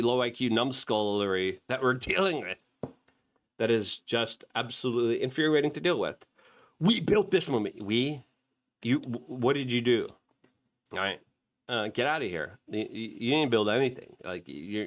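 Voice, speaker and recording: A man's voice: lively intonation, normal speed, fairly bright tone. A man hosting a political commentary show, sarcastic and mocking as he reads out comments. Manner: sarcastic, mocking, mimics others in high squeaky voices. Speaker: host.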